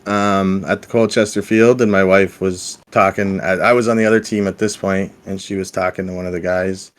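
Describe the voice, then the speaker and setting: A man with a notably low voice chats as a podcast guest. He tells his stories haltingly, full of fillers and restarts. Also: fairly even intonation. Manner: hesitant, filler-heavy storytelling. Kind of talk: casual chat.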